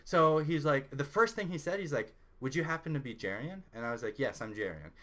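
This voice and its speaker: A young man with a Canadian accent, hosting his own channel and telling a personal story in a lively, excitable way. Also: on the high side, a little fast. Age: young adult. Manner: animated, excitable storyteller who rises loud when indignant. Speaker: channel host. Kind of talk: casual storytelling vlog.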